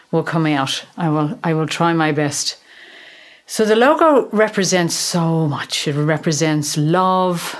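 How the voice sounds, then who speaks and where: A middle-aged Irish woman hosting a podcast, telling a personal story in a measured, gently humorous way. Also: deep voice. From Ireland. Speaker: podcast host, therapist. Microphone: podcast microphone in a small room.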